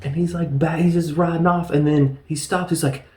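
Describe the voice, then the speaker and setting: A man's voice: a little high, steady tone, normal speed, warm tone. A man casually reviewing a film, laughing often and recapping scenes with mock voices. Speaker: movie reviewer. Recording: echoey room.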